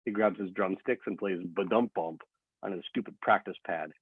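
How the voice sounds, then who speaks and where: A man with a low, husky voice reads a first-person story aloud, lively and expressive in his telling. The audio is dry and thin, like a phone line. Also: moderate pace, no echo. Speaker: author reading his own novel.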